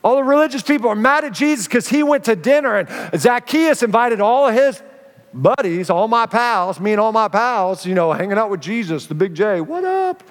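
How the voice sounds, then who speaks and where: A man preaching a sermon as pastor, telling stories with animated energy and acting out the voices of the people in them. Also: high-pitched, brisk. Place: church sanctuary. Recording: reverberant church sanctuary.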